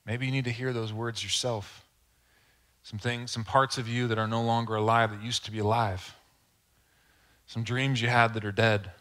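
A male pastor delivering a sermon in an earnest, conversational way. He talks straight to the congregation with rhetorical questions and asides. His voice sits at an ordinary, mid-level pitch for a man. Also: little pitch movement, normal speed, fairly bright tone.

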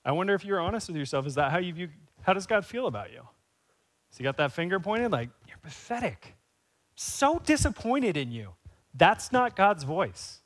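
A man preaching a sermon as pastor, speaking conversationally and rising to animated emphasis. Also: high voice, a little fast.

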